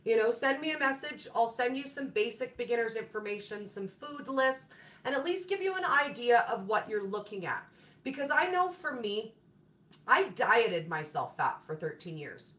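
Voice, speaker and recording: Woman in her forties, bubbly live-stream host, bright voice, fairly high, echoey room. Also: big pitch swings, normal speed. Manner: bubbly, greets viewers by name, laughs often. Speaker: keto food channel host. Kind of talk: casual live-stream chat.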